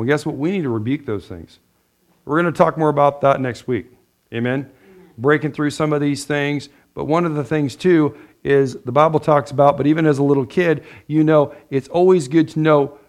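Laughing, lively male preacher. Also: a little high. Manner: lively, laughs often, loud bursts of praise. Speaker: pastor. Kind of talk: sermon.

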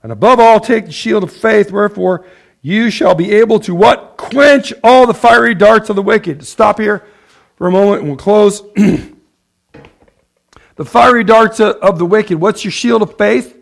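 Laughing, lively male preacher. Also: sits high, a little slow, creaky. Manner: lively, laughs often, loud bursts of praise. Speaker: pastor. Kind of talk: sermon.

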